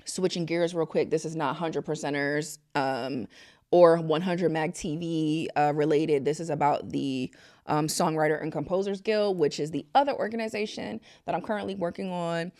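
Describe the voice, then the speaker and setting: A woman's voice: low voice, normal speed, darkish tone, no echo, clean studio sound. A woman hosting a casual talk, speaking earnestly and emphatically and repeating phrases for emphasis. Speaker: host. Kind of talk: casual direct-to-camera talk.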